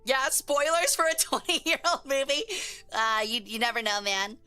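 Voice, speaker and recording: Woman streamer, casual live-stream chat, slangy and joking, bright forceful voice, smooth clear tone, faint music underneath. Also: high-pitched, lively intonation, normal speed.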